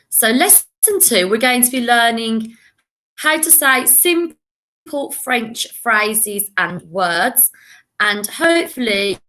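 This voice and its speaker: Slow, bright-voiced English woman teacher. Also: a little high. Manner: slow, encouraging, sings simple tunes. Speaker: primary school teacher. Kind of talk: recorded online French lesson for children.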